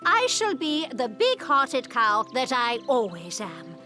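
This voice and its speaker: A woman's voice: fairly high pitch, wildly swooping pitch, slow, sharp tone, heavily acted. A woman voicing a vain, gushing grand cow in a cartoon, theatrical and affected, calling everyone dear heart. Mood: coaxing. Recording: music playing underneath.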